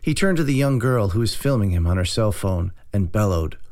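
A male audiobook narrator who tells the story in a steady, dry manner. His voice is low and gravelly with a touch of vocal fry. The pacing stays even throughout. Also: a little fast.

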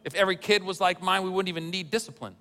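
A man's voice: sits high, fast talker, sharp tone, big-room sound. A man pastor preaching a sermon in a church, talking in a conversational way with wry asides.

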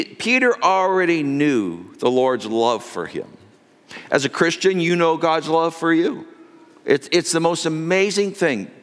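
A man's voice: mid-range voice, fairly bright tone, big-room sound. A male pastor delivering an earnest, emphatic sermon.

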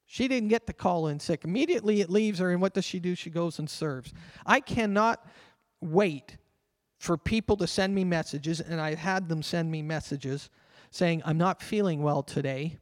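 A man with a notably high voice preaches a sermon in a church sanctuary. His words ring out with a long hall reverb. He talks with earnest fervor and slows down to read scripture aloud. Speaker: pastor.

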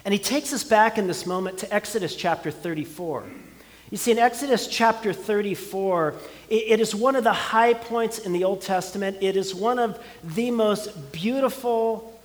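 A man's voice: sits high, normal speed, in a large hall. A man preaching a sermon, building emphasis with repeated words and phrases. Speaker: pastor.

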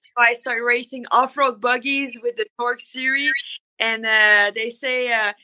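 Bright high-voiced French woman. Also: unhurried, low-quality recording. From France. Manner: relaxed, hesitant with frequent uhs. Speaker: monster truck driver. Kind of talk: interview answers.

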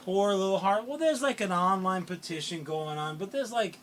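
Man, podcast co-host, high voice, animated, profane, casual comedic chat. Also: normal speed, over a noisy crowd. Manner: animated, swears freely, theatrical outbursts.

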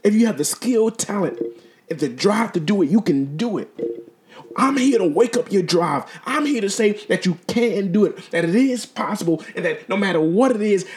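A middle-aged man hosting a podcast, talking earnestly in a motivational monologue that stumbles and repeats words. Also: high voice. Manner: repetitive, stumbling, earnest and exhortative. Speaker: podcast host.

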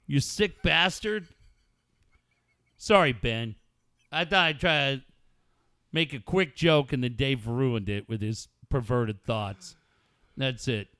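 A man's voice: mid-range voice, slow, fairly bright tone, smooth, dry recording. A man hosting a sports radio show in a studio, talking bluntly and joking with plenty of swearing. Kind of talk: casual radio chat.

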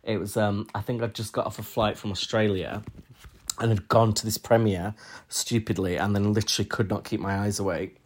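A man's voice: lowish voice, steady tone, a little fast. A young man chatting casually as a podcast co-host, rambling and laughing often. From United Kingdom. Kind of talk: casual chat.

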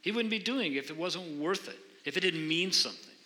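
A man's voice: on the high side, expressive, brisk, sharp tone. A man preaching a sermon as pastor, earnestly explaining scripture and questioning his congregation in a church sanctuary. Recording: long hall reverb.

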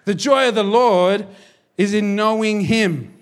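A man in his thirties, a pastor, preaching a sermon in an energetic, jokey, conversational way. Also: high voice, measured pace, clear, resonant tone.

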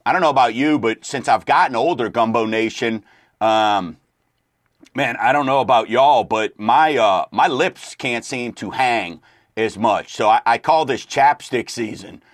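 A middle-aged man talks on a radio show in an easygoing, meandering way, stringing thoughts together with plenty of fillers. His voice sits at an ordinary pitch for a man. The sound is dry and close, with no room around it. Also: unhurried, no echo. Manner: rambling, laid-back, lots of fillers. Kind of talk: casual chat.

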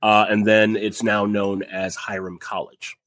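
A man's voice: lowish voice, completely flat delivery, a little slow, fairly bright tone, no room sound, studio quality. A young adult man casually telling a history story on a podcast, rambling with fillers and jokey asides.

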